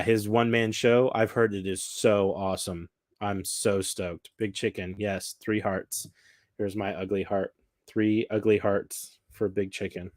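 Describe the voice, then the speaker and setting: A man's voice: lowish voice, dry recording, clean studio sound. A man in casual chat, a cruise vlogger who talks in an enthusiastic, rambling way with plenty of fillers.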